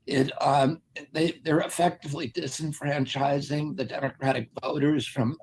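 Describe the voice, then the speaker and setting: A man speaking in a played clip of a candidate's public remarks, with a raspy, strained voice and halting delivery full of restarts. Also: a little high, steady tone, a little mellow, a little hiss or hum, low-quality recording. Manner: halting, with many restarts and fillers.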